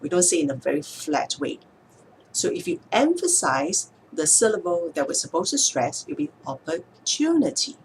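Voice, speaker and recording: A woman speech therapist explaining speech techniques in a calm, measured way, sometimes slowing down to show a word's stress. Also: lowish voice, vocal fry, slight background noise. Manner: calm, measured, demonstrates words slowly with stress. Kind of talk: instructional explanation to camera.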